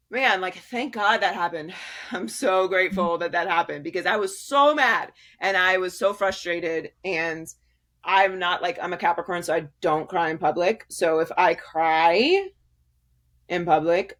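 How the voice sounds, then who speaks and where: A woman's voice: fairly low pitch, a bit bright. A woman guest in an interview, speaking candidly and emphatically, laughing often and restarting her sentences. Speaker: sports media guest.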